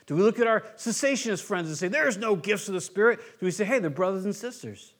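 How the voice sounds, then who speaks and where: A man's voice: high-pitched, expressive, quick pace, fairly bright tone. A man preaching a conversational sermon as a pastor, acting out quoted voices as he goes.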